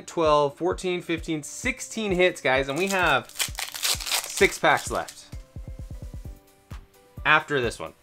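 A channel host giving excited unboxing commentary, gasping out exclamations and rattling off quick counts, the voice a little strained from excitement. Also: medium pitch. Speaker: card-opening channel host.

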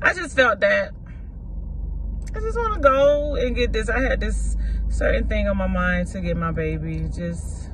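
A woman filming a casual vlog, talking to viewers in a relaxed, chatty way full of slang. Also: mid-range voice, unhurried. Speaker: vlogger. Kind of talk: casual vlog chat to camera. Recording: loud outdoor and car noise. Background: traffic and street noise.

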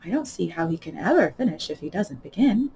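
A woman's voice: on the low side, sing-song, brisk, darkish tone, slight background noise. A woman voicing a curious, polite young girl. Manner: polite, eager questions. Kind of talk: storybook read-aloud.

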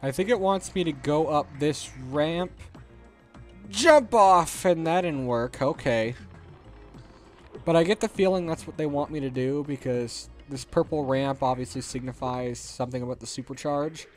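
A man's voice: a little high, moderate pace, darkish tone, soft background music. A man hosting a let's play, rambling through gameplay commentary with sarcastic, jokey asides.

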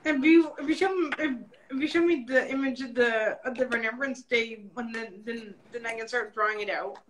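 A woman's voice: on the high side, brisk, fairly bright tone, slight background noise, low-quality recording. A woman chatting casually on a live painting stream, rambling, repeating words and often saying like. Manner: rambling, repeats words and restarts, says like a lot. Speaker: participant. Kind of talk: casual chat.

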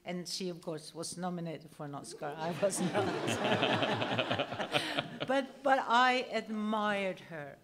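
A woman telling an anecdote on stage. She is animated and laughs her way through the story, often restarting her sentences. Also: fairly low pitch, takes it slowly, over a noisy crowd, very noisy.

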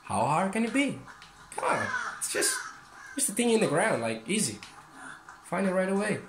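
A man giving excitable, swearing commentary over a horror game. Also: high-pitched, creaky, echoey room, heavy background noise. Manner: excitable, swearing, yelps and laughs. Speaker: gaming streamer. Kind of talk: casual gameplay commentary.

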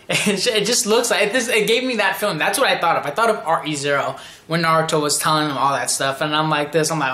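A man's voice: on the high side, quick pace, sharp tone, reverberant. A man giving a casual, rambling anime episode review, often acting out characters' lines.

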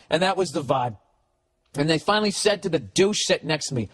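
Brief: comedian in a mocking, cursing rant, fairly high voice, lively delivery. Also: male voice, a little fast. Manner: animated, swearing constantly, mocking. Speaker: comedian and podcast host. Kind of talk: profane comic storytelling rant.

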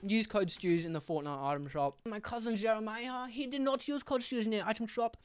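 A woman gaming streamer giving excitable gameplay commentary, with loud outbursts, swearing and jokes. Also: on the high side, a little fast, clear, resonant tone, dry recording. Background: background music.

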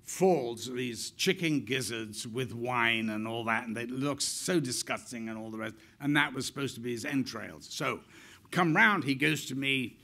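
Older guy spinning funny stories onstage, gravelly voice, bright tone, takes his time. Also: mid-range voice, a little slow. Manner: animated, laughing as he tells stories. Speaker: guest actor. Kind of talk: onstage anecdotal storytelling. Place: stage event before an audience.

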